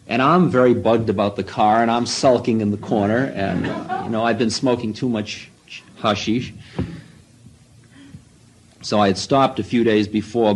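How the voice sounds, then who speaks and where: Low-voiced man telling a self-mocking story. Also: a little hiss or hum, poor audio. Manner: rambling, self-mocking, many asides. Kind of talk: first-person storytelling talk.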